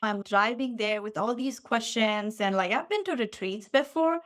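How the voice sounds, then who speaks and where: A woman in her forties who lived in the Midwest appears as a podcast guest; she's a physical therapist. In a relaxed interview, she tells a personal story animatedly, acting out lines she said back then, in a slightly high voice at normal speed.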